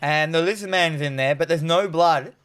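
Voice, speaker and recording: A man's voice: a little high, moderate pace, fairly bright tone, clear, resonant tone. A man casually recapping a movie with a co-host, crude and joking, acting out the characters' lines. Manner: crude, joking, retells scenes in quoted voices. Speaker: podcast co-host.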